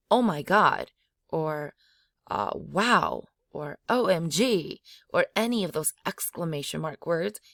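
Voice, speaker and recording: A woman's voice: deep voice, no room sound. Woman language teacher, dry close sound, repeats the sounds to demonstrate them. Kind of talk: slow spoken language lesson.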